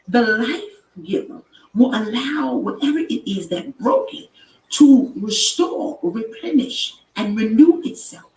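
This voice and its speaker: A woman preaching encouragement on a live stream in a high voice, hammering points home with repetition and sudden shouted lines. She sounds a little away from the mic in an echoey room. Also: expressive, takes it slowly, recorded from a distance. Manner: emphatic, repeating, rising to shouts. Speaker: inspirational live-stream host. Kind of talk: preaching-style motivational talk.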